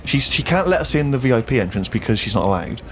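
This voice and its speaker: A man's voice: mid-range voice, animated, quick pace, a little hiss or hum. A man on a podcast, telling a self-deprecating comic story full of hesitant fillers. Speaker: podcast co-host.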